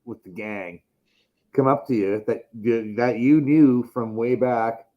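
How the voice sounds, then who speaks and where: A man's voice: mid-range voice, slow, muffled recording. A man hosting a casual podcast chat, rambling and swearing heavily. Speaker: podcast host.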